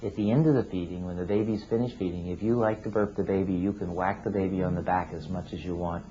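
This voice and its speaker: A man's voice: low-pitched, steady tone, fast, warm tone, a little hiss or hum. Dull-recorded man explaining baby feeding steps. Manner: patient, explanatory, plain-spoken. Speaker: cleft team clinician teaching parents. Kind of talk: instructional talk to parents. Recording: dull lo-fi video sound.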